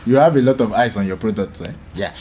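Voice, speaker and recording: A man hosting a comedy show, teasing his co-host in lively banter. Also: on the low side, fast, a little hiss or hum. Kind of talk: comic banter.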